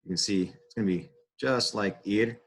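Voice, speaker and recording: A deep, low-pitched man talks through a lesson as a teacher. His delivery is casual and unhurried, with fillers and restarts as he points out patterns. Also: a little hiss or hum. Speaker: Spanish teacher. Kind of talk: classroom-style lesson explanation.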